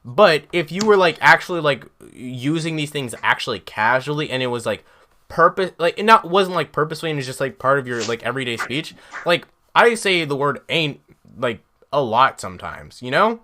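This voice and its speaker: A man's voice: fairly high pitch, very animated, fairly quick, pushed and bright, a little hiss or hum. A man co-hosting a casual podcast chat, emphatic and profane as he makes his point. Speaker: podcast co-host.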